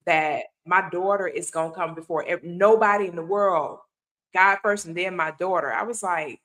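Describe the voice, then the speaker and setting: A woman with a bright, forceful tone hosts a casual talk show. She talks in a somewhat low register and tells stories animatedly, slipping into voices when she quotes people. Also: rough recording. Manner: animated storyteller, acts out quotes. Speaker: host.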